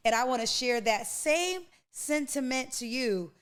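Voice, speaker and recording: Smooth-voiced woman giving heartfelt testimony. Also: fairly high pitch, expressive, slow pace, few pauses, a bit bright. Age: 40s. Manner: emotional, preacherly, addresses listener as honey and baby. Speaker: podcast host. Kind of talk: personal testimony.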